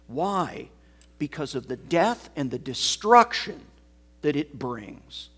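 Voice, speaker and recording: Husky preacher, slow, loud to whispered. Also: male voice, a little high, very animated. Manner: dramatic swings from loud emphasis to hushed near-whispers. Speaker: pastor. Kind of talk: sermon.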